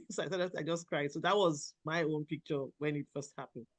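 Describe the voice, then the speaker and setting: A woman from Nigeria, a doctor in her thirties, telling a personal story as a podcast guest, animated, often laughing and quoting herself. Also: low voice, normal speed. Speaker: guest, general practitioner.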